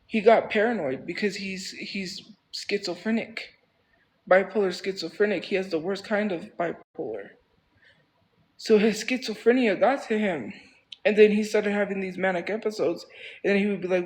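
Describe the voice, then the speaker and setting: High-voiced man rambling on a livestream. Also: normal speed, darkish tone, poor audio. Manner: rambling, repeats phrases for emphasis. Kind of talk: casual livestream storytelling.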